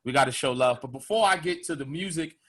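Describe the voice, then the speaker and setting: A man's voice: fairly high pitch, quick pace, fairly bright tone. A man in his thirties hosting a podcast, telling a rowdy story in casual chat and addressing the audience directly. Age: 30s. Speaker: podcast host.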